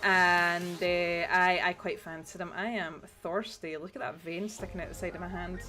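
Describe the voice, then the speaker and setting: Woman streamer, bright voice, rambling casual chat, faint music in the background. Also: lowish voice, steady tone, moderate pace. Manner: rambling, chatty, frequent restarts and swearing. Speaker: livestream host. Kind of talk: casual chat while painting.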